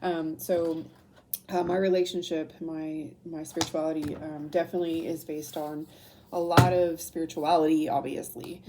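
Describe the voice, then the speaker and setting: A woman's voice: sits low, level tone, moderate pace, very noisy. A young woman doing a casual tarot reading and reading aloud from a book, often getting emotional, laughing and apologizing as she goes. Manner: emotional, laughs through tears, many apologies. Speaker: tarot reader.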